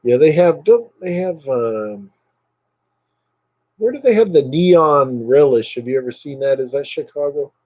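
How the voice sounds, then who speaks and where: A man's voice: fairly high pitch, lively intonation, a little slow, a little mellow, muffled recording. A man chatting casually on a live stream, rambling with lots of fillers and thanking viewers by name.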